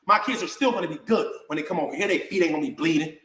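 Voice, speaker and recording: A man with a high voice rants at the camera and takes his critics head on. He keeps it slangy and says "bro" over and over. He is recorded in a room with a lot of echo. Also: rapid-fire, a bit bright. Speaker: vlogger answering critics. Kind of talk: heated rant to camera. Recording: echoey room.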